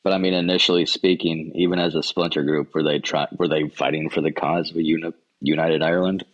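A man's voice: rumbling low, level tone, quick pace, highs cut off. A man co-hosting a podcast, joking wryly about a film in casual talk, often repeating words as he restarts. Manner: wry, joking, stammers on restarts. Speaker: podcast co-host. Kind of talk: casual movie discussion.

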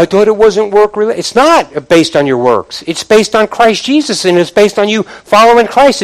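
A man delivers a sermon with a fairly high voice. He preaches emphatically, repeating key phrases and often sinking to a low, hushed tone. He keeps turning questions back to the congregation. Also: poor audio. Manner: emphatic, repetitive preaching with sudden drops to a low, quiet voice.

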